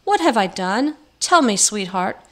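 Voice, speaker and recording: A woman voicing an ugly old forest crone with a crackling, croaking voice. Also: medium pitch, big pitch swings, unhurried, a bit bright. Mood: wheedling.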